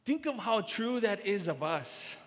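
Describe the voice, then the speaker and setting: High-voiced male pastor in a reverberant hall. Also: very animated, unhurried, fairly bright tone. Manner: repeats key phrases for emphasis, addresses the congregation directly. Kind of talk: sermon. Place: large church sanctuary.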